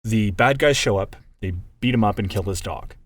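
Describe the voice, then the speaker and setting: A man co-hosting a casual podcast chat, animated and swearing freely as he acts out movie scenes. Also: fairly low pitch, normal speed. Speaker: podcast co-host.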